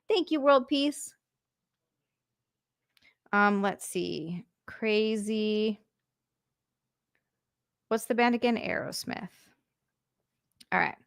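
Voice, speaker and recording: Bright-voiced woman chatting on a livestream. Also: mid-range voice, creaky, no echo, clean studio sound. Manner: rambling, halting, swears freely. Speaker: livestreamer reading chat. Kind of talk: casual livestream chat.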